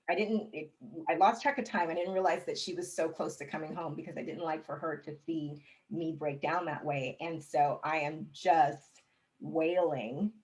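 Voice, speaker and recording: A woman telling her personal story as an interview guest, candid and expressive, with touches of humor. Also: low voice, low-quality recording.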